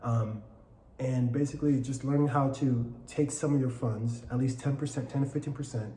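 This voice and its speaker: A man's voice: mid-range voice, fairly even intonation, normal speed, warm tone. A man who works in finance, a podcast guest talking enthusiastically, rambling with restarts, in casual chat. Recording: echoey room with crowd noise.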